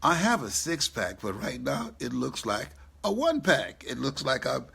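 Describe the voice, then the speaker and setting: A man's voice: mid-range voice, sing-song, normal speed, creaky, sharp tone, slightly rough. A man in his seventies giving a live motivational speech on stage, telling stories and laughing at his own jokes. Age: 70s. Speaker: motivational speaker. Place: on stage before a live audience.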